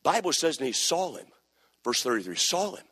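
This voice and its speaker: A male pastor preaching a sermon, swinging from soft confiding talk to loud shouted preaching. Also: a little high, sing-song, brisk, breathy edge. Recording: live church sermon in a reverberant hall.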